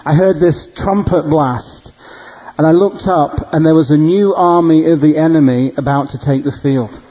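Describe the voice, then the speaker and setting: A male preacher telling dream stories in a sermon, animated and humorous. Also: on the high side, rough recording. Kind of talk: storytelling sermon.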